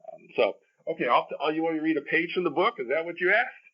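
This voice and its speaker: An older man, an author guest, talking casually in an interview, halting with many repeated words and restarts. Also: a little high, expressive, husky, dull audio.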